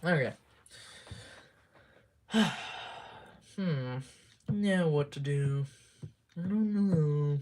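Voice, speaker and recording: Guy rambling on his stream, slow and halting, humming to himself, lots of so yeah. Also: fairly high pitch, a little mellow. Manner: muttering to himself between hums. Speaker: livestreamer. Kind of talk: casual live-stream chat.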